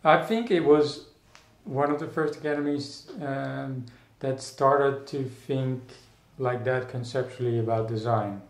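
In an echoey room, a Dutch man with a steady, mid-range voice muses aloud as an artist guest in a casual interview conversation. He's thoughtful and halting, with lots of restarts and fillers.

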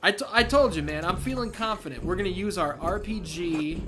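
A man giving profane, excitable let's play commentary, talking back to the game as he plays. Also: sits high, brisk, background noise. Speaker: gamer. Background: video game music and sounds.

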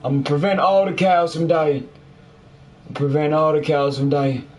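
A man's voice: fairly high pitch, steady tone, unhurried, darkish tone. A man giving crude, jokey running commentary while he plays a horror game, cursing at everything he meets. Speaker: gamer. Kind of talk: profane let's play commentary. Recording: faint background noise.

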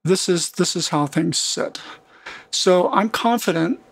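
A slightly higher-pitched man with a gravelly, husky tone, walking through a software tutorial in a relaxed, explanatory way. He talks it through as he thinks, with small restarts, and the sound is close and dry. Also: unhurried, no room sound. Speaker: music production tutor. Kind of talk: screen-recorded software tutorial.

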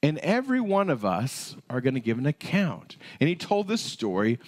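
A male pastor preaching a conversational sermon, retelling a parable with lively storytelling. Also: medium pitch, moderate pace.

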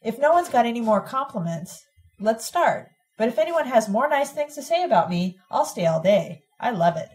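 A woman voicing a bubbly, excited young woman in an audiobook reading. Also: fairly high pitch, normal speed. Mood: playful. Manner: excited, exclaiming. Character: exuberant young woman freed from prison, affectionate.

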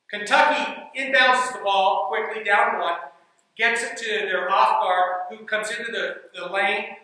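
Bright-voiced coach, echoey and distant. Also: male voice, high voice. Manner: animated, builds suspense in anecdotes. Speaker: basketball coach. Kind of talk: storytelling speech. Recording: echoey room, mic from far off.

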